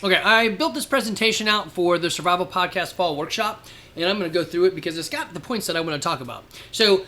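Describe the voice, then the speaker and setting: A middle-aged man hosting a podcast, telling stories in a casual, animated way and laughing often. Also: high voice, fast talker. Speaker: podcast host. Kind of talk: casual presentation.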